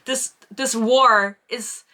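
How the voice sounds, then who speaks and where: A woman's voice: fairly high pitch, fairly even intonation, very slow, pushed and bright, full character voice. A woman putting on the voice of an earnest, patriotic young American male pilot from the Second World War, in a mock-dramatic tone.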